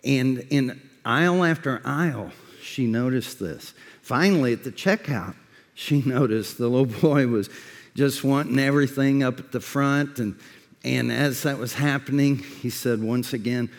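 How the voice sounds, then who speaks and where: Slow-preaching pastor in a reverberant hall. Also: male voice, mid-range voice. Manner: emphatic preaching with repeated words and questions to the congregation. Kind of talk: sermon. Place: church sanctuary.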